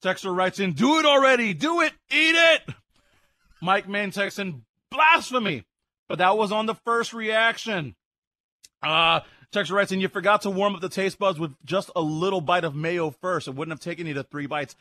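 A man co-hosting a live radio show reviews a sandwich between bites. His voice sits high and sounds bright and forceful. It is close and dry, with no room sound. He breaks into excited shouts as he eats. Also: normal speed, no room sound. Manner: excited, loud outbursts while eating. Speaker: radio co-host.

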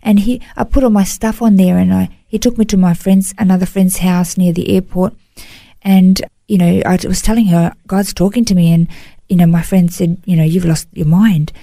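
Earnest woman, warm dry voice. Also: fairly low pitch, steady tone, vocal fry, no room sound. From Australia. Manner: earnest, emotional, halting with restarts. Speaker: interview guest. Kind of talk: personal testimony in a podcast interview.

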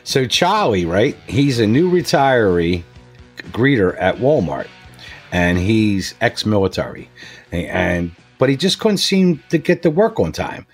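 A man hosting a talk radio show, telling a joke in a lively storytelling way. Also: lowish voice, a little slow, slightly rough, faint music behind. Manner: lively storyteller, acts out dialogue.

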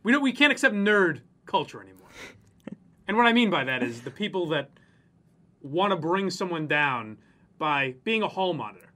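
A man with a high, bright voice that swoops up and down as he rants. He swears freely and slips into mocking voices to make his point in a loose, casual chat. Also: very animated, normal speed. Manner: profane, ranting, mocks people in exaggerated voices. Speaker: podcast co-host.

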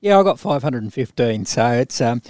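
An easygoing man chats on a podcast and comes across a little sheepish. His voice sits at a normal middle pitch and sounds dry and close to the mic. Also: lively intonation, fairly quick, a little mellow, no room sound. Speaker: podcast co-host. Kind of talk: casual chat.

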